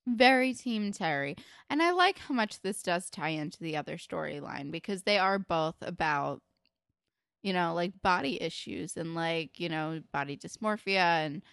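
A woman with a fairly low, smooth voice chats loosely about a show, full of "like" and casual swearing. The sound is close and dry, with no room around it. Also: expressive, moderate pace, a bit bright, dry recording. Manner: candid and sweary, lots of "like". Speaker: podcast co-host. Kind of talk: casual chat recapping a TV episode.

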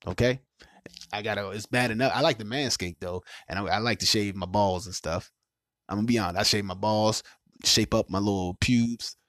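A man in his thirties hosting a casual podcast, talking in profane, animated rants with loud laughs. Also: lowish voice, a little fast, dry recording, studio quality. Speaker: podcast host.

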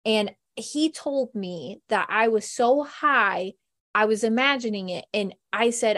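A woman's voice: fairly high pitch, measured pace, fairly bright tone. A woman hosting a podcast, telling stories in a chatty, casual way with frequent laughs. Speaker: podcast host. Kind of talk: casual chat.

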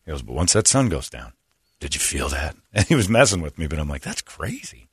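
A middle-aged man hosting a radio talk show, telling a lively story and acting out the people in it. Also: low voice, fast talker, breathy edge, no echo, studio quality. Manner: animated storyteller acting out quotes. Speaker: radio host.

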